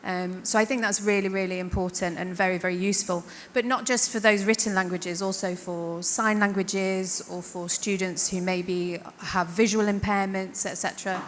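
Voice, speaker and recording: A woman's voice: mid-range voice, steady tone, moderate pace, few pauses. A woman with a northern English accent talks earnestly and thoughtfully on a conference panel. Her voice carries a long reverb from the hall, with faint hiss underneath. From north of England. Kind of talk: panel discussion.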